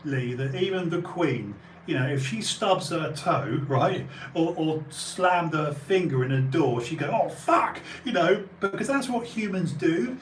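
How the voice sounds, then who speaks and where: A man's voice: fairly high pitch, animated, a little slow, hardly any pauses, reverberant, far from the mic, a little hiss or hum, poor audio. A British man who runs an auction house, chatting casually in a rambling way with many fillers and restarts. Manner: rambling, full of fillers and restarts, bursts of emphasis. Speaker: auction house owner and live streamer. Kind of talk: casual podcast conversation.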